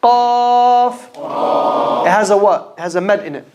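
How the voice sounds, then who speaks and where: A man's voice: sits high, fairly even intonation, racing, background noise. A man teaching a class how to pronounce letters for Qur'an reading, patiently repeating each sound and quizzing his students. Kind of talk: classroom lesson on letter pronunciation. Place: mosque classroom.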